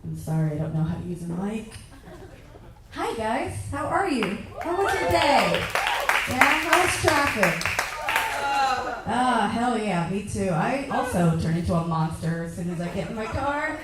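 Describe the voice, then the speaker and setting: A young woman performing a stand-up comedy set on a club stage, ranting in lively bursts and shouting her acted-out asides. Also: medium pitch, a little slow, recorded from a distance, heavy background noise. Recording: echoey club room heard from afar.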